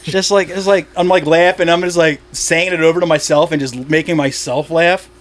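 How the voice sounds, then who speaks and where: A man's voice: a little high, fairly even intonation, brisk. A man, a stand-up comic from Delaware, chatting on a podcast in a rambling way, laughing at his own jokes and swearing casually.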